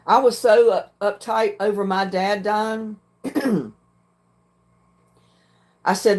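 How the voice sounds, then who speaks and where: An older woman, hosting a casual livestream and answering viewer comments in a frank, plainspoken way, often clearing her throat. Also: medium pitch, slow pace, long pauses, a little mellow. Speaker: livestream host.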